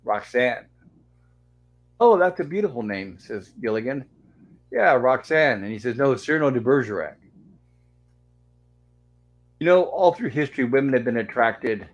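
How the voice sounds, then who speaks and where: A man's voice: medium pitch, sing-song, normal speed, pauses often, dull audio. A man hosting a casual online show, recapping an old sitcom episode and reading the characters' lines aloud in a chatty storytelling way. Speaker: host.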